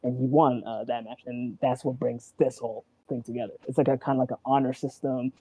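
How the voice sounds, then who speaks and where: A man in casual chat about wrestling, rambling and excitable, acting out quotes and swearing. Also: mid-range voice, fairly quick, breathy edge, no room sound, rough recording. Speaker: wrestling show co-host.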